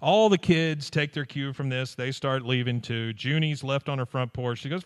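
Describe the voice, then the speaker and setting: A man's voice: moderate pace, hardly any pauses, clean tone. A man co-hosting a live podcast, casually retelling a cartoon episode and acting out the characters' lines in put-on voices. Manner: animated storyteller, jumps into high put-on voices for quotes. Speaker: podcast co-host recapping an episode.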